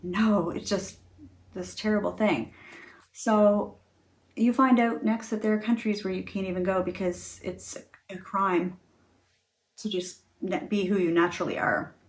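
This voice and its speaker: A chatty middle-aged woman talks straight to her camera at home. She comes across earnest and laughs easily between thoughts, with a voice of ordinary pitch. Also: fairly even intonation, measured pace. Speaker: beauty vlogger. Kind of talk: casual talk to camera.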